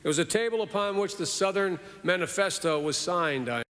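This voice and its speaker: A man in his sixties giving a formal eulogy in a measured, earnest way with repeated phrases, in a large hall at a funeral. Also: high voice, fairly bright tone. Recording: reverberant hall.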